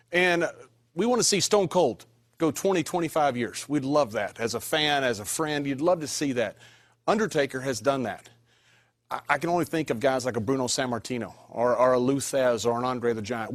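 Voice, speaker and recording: Panel host: a man with a polished announcer's delivery, middle pitch. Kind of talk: formal announcer introduction.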